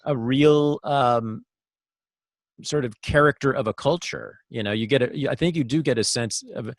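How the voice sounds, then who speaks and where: A man's voice: medium pitch, normal speed, dry recording. Curious male podcast host, dry sound. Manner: curious, thinking aloud. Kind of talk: casual interview conversation.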